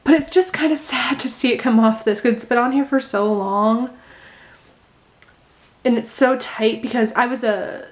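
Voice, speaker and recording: A woman chatting casually in a how-to craft video, rambling gently and thinking aloud with many fillers. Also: a little high. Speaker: crochet vlogger. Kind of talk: casual how-to chat while unraveling knitting.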